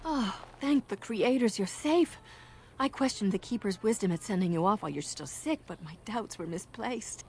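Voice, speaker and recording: A gentle, caring young woman. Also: medium pitch, expressive, moderate pace, breathy edge. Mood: concerned. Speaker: game character.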